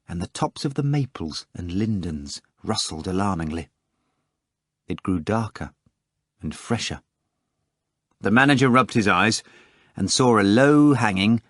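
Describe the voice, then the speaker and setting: A man reading an audiobook, with a lowish voice and animated, rolling intonation. He tells the story with clear expression on a close microphone, in a dry, dead sound. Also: dry recording. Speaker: audiobook narrator. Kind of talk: scripted audiobook narration.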